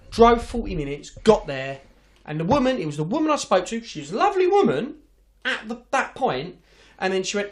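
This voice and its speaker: A man hosting a podcast, telling an office story in a sweary, ranting, casual way. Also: fairly high pitch. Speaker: podcast host.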